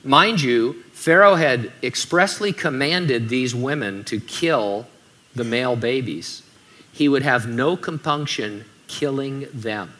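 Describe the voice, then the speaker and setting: Bright-voiced man preaching a sermon. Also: medium pitch, takes it slowly. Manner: conversational, joking asides. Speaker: pastor.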